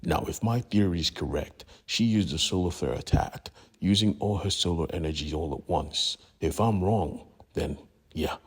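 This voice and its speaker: A man's voice: low voice, normal speed, slightly rough. A man casually retelling a comic book story, slangy and profane. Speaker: comic book recap narrator.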